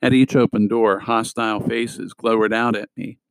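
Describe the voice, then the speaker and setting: A man narrates a novel in a fairly low, steady voice. He reads it as scripted narration and gives the characters small shifts in tone. The recording is dry and close, with almost no room sound. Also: normal speed, no echo, rough recording. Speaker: audiobook reader.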